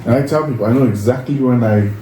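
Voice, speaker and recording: This Samoan man, a native Samoan speaker, co-hosts a podcast and talks quickly in a mid-range voice during a casual storytelling chat. He's an animated storyteller who acts out quoted lines. The distant mic sits in an echoey room with faint noise.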